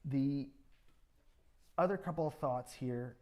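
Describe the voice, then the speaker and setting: A man's voice: mid-range voice, slow, a little mellow. A man teaching a composition master class, coaching a student at a rehearsal, often singing rhythms aloud to show how a passage should sound. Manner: encouraging, sings rhythms aloud to show phrasing. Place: music school rehearsal room with an ensemble.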